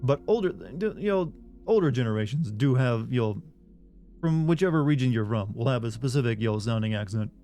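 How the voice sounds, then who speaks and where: A man's voice: mid-range voice, animated, fairly quick, dark tone, faint music behind. A man from the US South, with no regional accent, streaming a game and chatting casually, reading viewer messages aloud and answering them in a rambling way. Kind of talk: casual live-stream chat.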